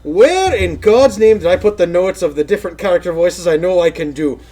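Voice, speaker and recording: A man co-hosting a casual gaming news show, bantering in an animated, joking way. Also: high voice, brisk. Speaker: podcast co-host.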